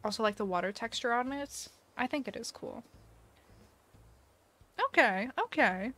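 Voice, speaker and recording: Bubbly high-voiced woman streamer. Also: measured pace, bright, forceful tone. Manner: bubbly, giggly, baby-talks to her pets. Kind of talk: casual live-stream chat.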